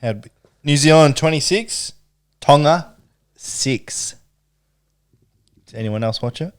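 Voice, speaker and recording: A man's voice: fairly high pitch, slow. A young man hosting a casual podcast chat among mates, steering through the segments and swearing freely. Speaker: podcast host.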